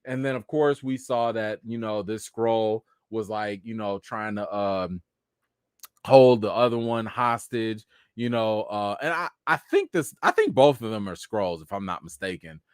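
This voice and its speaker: Lively casual man reviewing a TV episode. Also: fairly low pitch, unhurried, smooth, no echo, clean studio sound. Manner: casual, animated, many fillers like "you know". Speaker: show host and reviewer. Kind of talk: live chat TV episode reaction.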